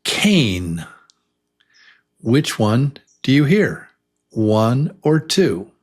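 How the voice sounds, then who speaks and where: A man teaching a beginner English lesson, enthusiastic and repeating words slowly for learners to say along with him. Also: mid-range voice, expressive, darkish tone.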